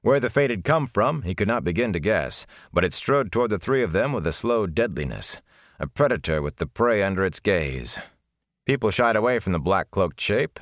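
A man narrating a fantasy novel in a measured, deliberate storytelling manner, recorded on a close mic. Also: deep voice, no echo. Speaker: audiobook narrator.

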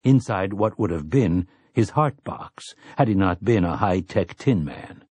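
A man narrating an audiobook in a measured, even storytelling manner. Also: sits low, husky, dry recording.

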